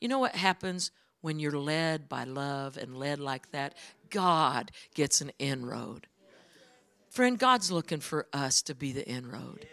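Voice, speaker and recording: A woman's voice: low-pitched, expressive, slow, a bit bright. A woman guest speaker preaching a sermon in a church, telling stories in an emphatic, conversational way. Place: church sanctuary.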